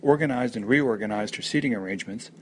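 A man introducing himself and reading his own short stories aloud in a measured, wry way. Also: mid-range voice, a little mellow, a little hiss or hum. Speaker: story contributor.

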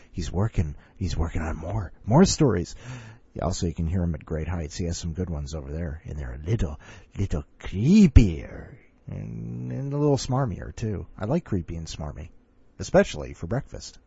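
A man's voice: sits low, animated, normal speed, vocal fry, warm tone, slightly rough, no echo, muffled recording. A man hosting a show, chatting casually and joking about himself between segments. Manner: chatty and self-mocking, breaks into laughter. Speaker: podcast host.

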